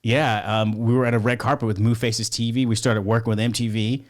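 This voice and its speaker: A man's voice: medium pitch, fairly even intonation, fairly quick. A man telling a story as a podcast guest, in a rambling, profane way full of "like" and "you know". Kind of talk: casual storytelling.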